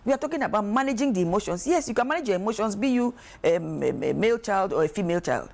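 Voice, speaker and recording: A woman, speaking as an expert guest on a talk show, emphatic and animated, acting out quoted voices. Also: medium pitch, quick pace, vocal fry. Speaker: guest expert on emotional wellbeing. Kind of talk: studio talk show discussion.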